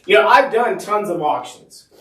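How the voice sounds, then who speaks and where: A man's voice: high-pitched, sing-song, normal speed, fairly bright tone. A male radio host chatting casually and telling a self-deprecating story. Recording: roomy, distant mic.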